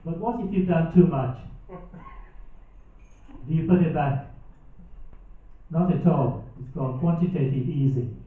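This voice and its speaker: A man doing a stand-up comedy set on a theatre stage, with dry, deadpan, mock-serious delivery and audience laughter behind him. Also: a little high, unhurried, pauses often. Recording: echoey, distant, phone-like live hall recording.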